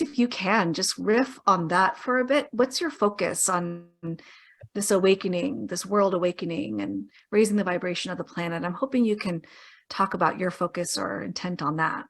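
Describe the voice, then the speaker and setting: A woman's voice: mid-range voice, fairly bright tone. A woman hosting a podcast, asking questions in an enthusiastic, playful way. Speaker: podcast host, medium. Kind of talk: casual interview talk.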